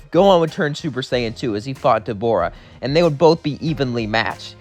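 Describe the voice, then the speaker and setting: Guy rambling thru a fan story, normal voice, quiet music under it. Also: medium pitch, animated, fairly quick, few pauses. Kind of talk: casual spoken fan story narration.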